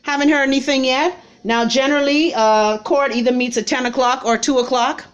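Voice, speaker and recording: Middle-aged woman, Bahamian accent, slightly high voice, blunt and sassy, casual live-stream chat. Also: fairly even intonation, brisk, smooth, highs cut off. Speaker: live-stream host reading viewer comments.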